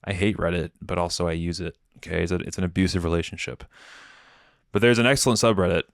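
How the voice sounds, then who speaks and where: A man's voice: low voice, steady tone, fast, gravelly, dry recording. A man hosting a comedy podcast, rambling through a casual, profane, sardonic monologue into a close mic. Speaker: podcast host.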